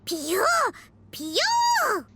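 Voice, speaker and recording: A playful young girl from a game, chirps and peeps like a baby chick. Her squeaky, sing-song calls sit extremely high and bounce around in lively leaps while stretching out slowly. Loud noise runs underneath the game audio. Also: exaggerated voice. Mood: chirping. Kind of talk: game character voice acting.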